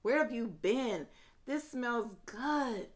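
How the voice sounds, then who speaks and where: A woman vlogging a casual fragrance review late at night, gushing with drawn-out exclamations and chatting to viewers as y'all. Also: on the high side, lively intonation.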